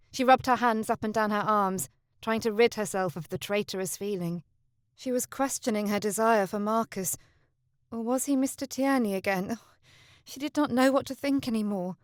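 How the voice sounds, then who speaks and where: A woman's voice: mid-range voice, no echo, studio quality. A woman narrating a historical romance audiobook, lifting her voice for the heroine.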